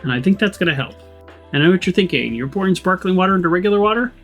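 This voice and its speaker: A man's voice: sits high, animated, rapid-fire, a bit bright, faint music behind. A man giving casual, chatty commentary while playing a game, laughing often. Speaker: gaming channel host. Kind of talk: casual let's-play commentary.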